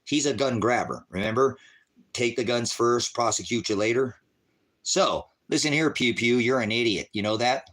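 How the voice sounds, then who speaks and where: Middle-aged man, livestream preacher type, bright forceful delivery, profane and combative with chat. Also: medium pitch, moderate pace. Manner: profane, shouting at chat viewers. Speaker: livestream ministry host. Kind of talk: angry livestream rant.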